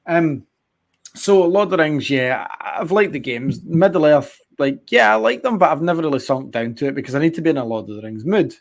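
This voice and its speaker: A man co-hosting a podcast, chatting casually in an excitable, sweary and rambling way. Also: a little high, fairly quick, gravelly. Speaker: podcast co-host. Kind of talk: casual chat.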